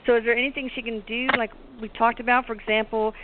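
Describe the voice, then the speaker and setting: A middle-aged woman host asking a long question quickly, halting now and then on "uh". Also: on the high side, little pitch movement. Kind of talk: casual question to a guest. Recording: tinny phone line with faint hiss.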